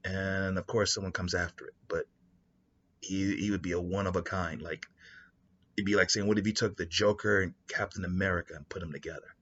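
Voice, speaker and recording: A man hosting a show, talking through a story idea in a rambling, animated way. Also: low voice, a little fast, lo-fi sound. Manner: rambling, animated, with many restarts. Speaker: host. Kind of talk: casual spoken storytelling.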